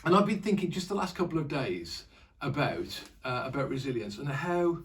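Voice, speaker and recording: A man's voice: mid-range voice, sing-song, moderate pace. A man presenting a casual online church devotional, chatty and rambling with fillers and restarts. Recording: distant mic.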